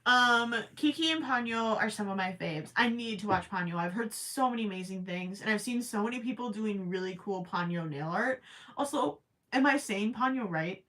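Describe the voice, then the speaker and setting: A woman's voice: medium pitch, expressive, normal speed, bright, forceful tone. A woman chatting casually with her viewers while she crochets, rambling with plenty of ums and self-deprecating asides. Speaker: crochet livestream host.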